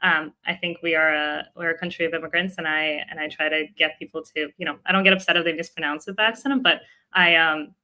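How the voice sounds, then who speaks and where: A young adult woman, a startup co-founder, telling a story in a casual interview with lively laughs along the way. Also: low-pitched, fast, hardly any pauses. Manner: animated, laughs often while telling a story.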